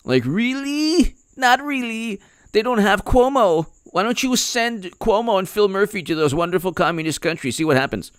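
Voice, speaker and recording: Sarcastic guy doing a political rant, higher voice, dry close sound. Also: expressive, moderate pace, fairly bright tone, smooth, no room sound. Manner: sarcastic, mocking, laughs often. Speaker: political commentator. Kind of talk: opinion vlog rant.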